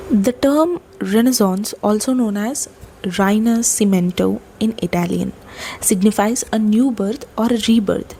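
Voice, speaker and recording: A woman giving a lecture, explaining poetic terms step by step, with fillers and pauses. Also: medium pitch, mellow, a little hiss or hum, low-quality recording.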